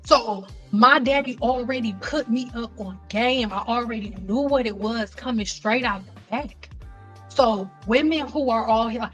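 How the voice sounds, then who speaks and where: A young woman hosting a casual livestream chat, talking bluntly and with lots of profanity, telling animated stories. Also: fairly high pitch, moderate pace, faint music behind. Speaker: livestream host.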